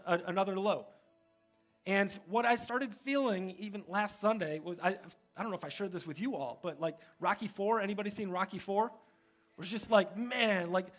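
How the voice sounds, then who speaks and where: A man's voice: high voice, fairly bright tone. A male pastor giving a casual, joking sermon, self-deprecating and full of restarts.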